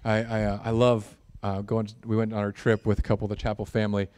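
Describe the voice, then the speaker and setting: A man preaching a sermon, animated and jokey, building in intensity at times. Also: fairly low pitch, fast talker, clean tone. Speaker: pastor.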